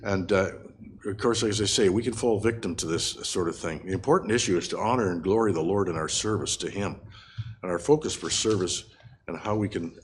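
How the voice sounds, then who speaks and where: An older man with a fairly low voice teaches a Bible passage in an unscripted sermon. He talks earnestly and haltingly, with frequent fillers and restarts. Faint ambient noise sits behind him.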